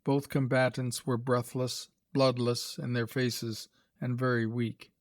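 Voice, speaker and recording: A male narrator for a graded reader speaks at a mid pitch in measured, even storytelling. The sound is dry and close.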